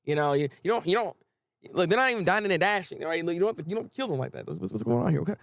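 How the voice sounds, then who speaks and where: Lively, gravelly-voiced man reacting live. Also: a little high, very fast, no room sound. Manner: animated, joking, repeats words when excited. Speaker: manga reaction streamer.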